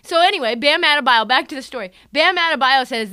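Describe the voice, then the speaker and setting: A woman's voice: high voice, lively intonation, quick pace, hardly any pauses, bright, forceful tone, no room sound, clean studio sound. A woman ranting through sports commentary with a sarcastic, profane edge, acting out the people she quotes. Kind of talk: animated sports commentary rant.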